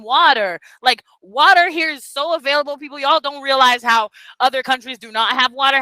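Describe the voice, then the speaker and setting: A woman's voice: sits high, pushed and bright, no room sound, low-quality recording. A woman mentoring beginner teachers in a casual online session, speaking bluntly and emphatically, with profanity and Portuguese phrases mixed in. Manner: code-switches into Portuguese phrases. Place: Brazil.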